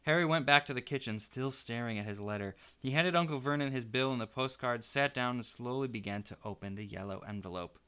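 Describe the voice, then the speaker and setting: A man, an art teacher, reading a children's storybook aloud in an expressive, playful way. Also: medium pitch, a little fast, hardly any pauses, smooth.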